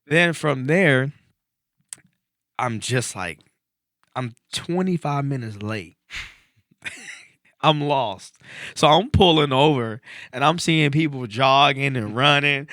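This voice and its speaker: A man hosting a podcast, telling a personal story in casual chat and getting animated as it builds. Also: medium pitch, takes it slowly, long pauses, no echo, studio quality. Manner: animated storyteller, voice climbing when excited. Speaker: podcast host.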